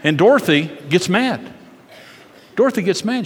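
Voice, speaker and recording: A man's voice: high-pitched, animated, brisk, breathy edge. A middle-aged male pastor preaching a sermon with impassioned, repetitive, rhythmic emphasis. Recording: long reverb of a large hall.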